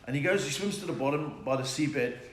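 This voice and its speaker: Older South African comic, chatty joke-teller, voice on the high side, roomy sound. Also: male voice, a little fast, slight background noise. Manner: chatty, joke-telling, reads out viewer comments. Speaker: comedian. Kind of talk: live-streamed stand-up chat. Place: home room during lockdown. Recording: echoey room.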